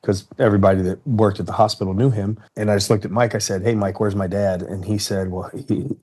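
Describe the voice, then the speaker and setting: A man in his fifties from Ohio speaks in a low, mellow voice. He tells his story slowly and earnestly in an interview, sometimes stopping to restart a thought. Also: fairly even intonation, breathy edge. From Cincinnati, Ohio, United States. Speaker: interview guest, retired fighter.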